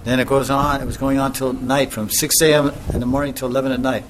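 Guy giving a loose devotional talk, laughs a lot, restarts sentences, does little voices, mid pitch, faint noise behind. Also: little pitch movement, quick pace. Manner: chuckling often, rambling with restarts; acts out voices in anecdotes. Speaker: spiritual teacher.

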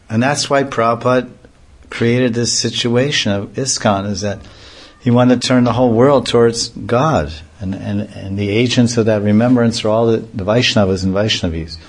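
A man giving a devotional talk, telling humorous anecdotes and often chuckling. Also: lowish voice. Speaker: devotional preacher. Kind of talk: lecture with acted anecdotes.

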